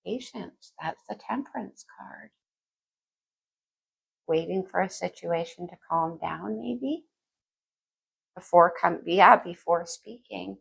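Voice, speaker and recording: A woman's voice: fairly low pitch, slow pace, gravelly, long pauses, slightly rough, low-quality recording. A woman reading tarot cards for her viewers in a chatty, think-aloud way. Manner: chatty, thinks aloud, sings lyrics softly. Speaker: tarot reader.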